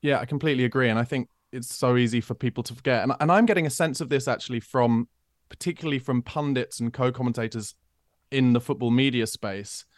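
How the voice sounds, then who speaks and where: A man's voice: mid-range voice, quick pace, no room sound, clean studio sound. A man hosting a podcast, asking questions and agreeing thoughtfully. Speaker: podcast host. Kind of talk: casual interview chat.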